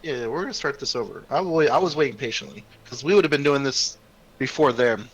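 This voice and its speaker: A man playing a tabletop role-playing game, stammering through restarts and slipping into his character's gruff anger. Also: mid-range voice, brisk, low-quality recording. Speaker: player.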